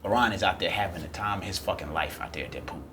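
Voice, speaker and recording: Male podcast co-host, AAVE speaker, quick and lively comic storyteller; light background noise. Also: low-pitched. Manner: loud, lively storyteller, acting out the characters' voices. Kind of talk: animated comedic storytelling.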